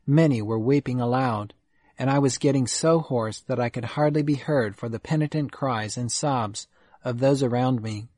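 A man giving a steady, measured audiobook reading of an old memoir. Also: medium pitch, no echo. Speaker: narrator.

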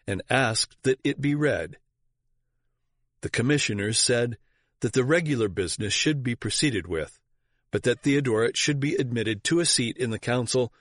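A man's voice: mid-range voice, a bit bright, no echo. Man reading history in a dry voice. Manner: measured, formal reading voice. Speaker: audiobook reader. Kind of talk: scripted narration of church history.

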